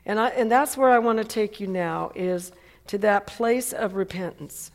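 A woman preacher gives an emphatic sermon in a large hall, her voice trailing off in a long reverb. Her pitch sits in the middle range. She repeats phrases for emphasis and keeps checking in with the crowd. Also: moderate pace.

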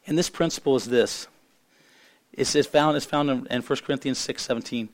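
Here a pastor in middle age preaches through a worn-out, hoarse voice of medium pitch. He's earnest, but his speech falters and keeps starting over.

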